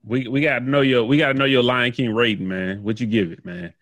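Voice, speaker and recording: A man co-hosting a podcast, keeping things moving with relaxed prompts. His voice sits in a middle pitch, and the recording is dry and close, with no room sound at all. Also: brisk, no echo. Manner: easygoing, nudges the talk along. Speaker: podcast co-host. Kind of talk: casual chat.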